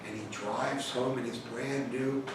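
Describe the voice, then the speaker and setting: This middle-aged man from the United States talks about stewardship in an unhurried, medium-pitched voice, the kind of relaxed church talk built on personal anecdotes that grow livelier as he goes. He was recorded from a distance in a big, echoey church hall with noisy surroundings.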